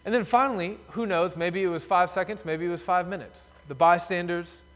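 A man's voice: sits high, a little fast, a bit bright. A man preaching a sermon as pastor in a church sanctuary, telling the story emphatically. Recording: long reverb of a church hall.

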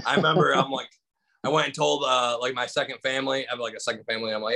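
A man from Michigan, a comedian, telling a story in casual conversation with lively acted-out voices and lots of fillers. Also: medium pitch, fast talker, gravelly. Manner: animated, acts out voices in anecdotes, many fillers. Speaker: stand-up comedian guest.

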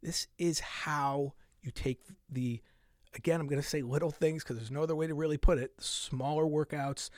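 A middle-aged man hosting a fitness podcast in a casual monologue, animated, laughing often and dropping into soft asides. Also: on the high side, normal speed, dry recording, clean studio sound.

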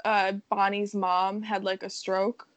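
A woman's voice: medium pitch, little pitch movement, slow, no room sound, muffled recording. A woman co-hosting a casual film chat. She laughs often and gives blunt opinions with casual swearing. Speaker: co-host, film site editor.

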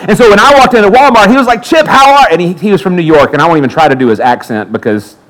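Racing through his words in a slightly high voice, a pastor delivers a sermon built around a personal story, animatedly voicing the other people's lines. The audio is poor.

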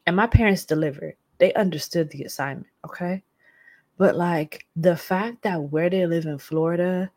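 A young woman vlogging, telling a story in a casual, dramatic and animated way with lots of slang. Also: lowish voice, moderate pace, dry recording. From United States.

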